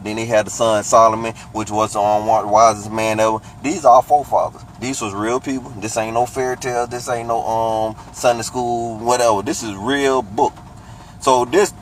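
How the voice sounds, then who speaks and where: A man's voice: fairly low pitch, poor audio. Guy breaking down bible verses word by word, easygoing, faint traffic out there. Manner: explains word by word, rereads verses slowly. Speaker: informal Bible teacher. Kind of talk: casual scripture teaching.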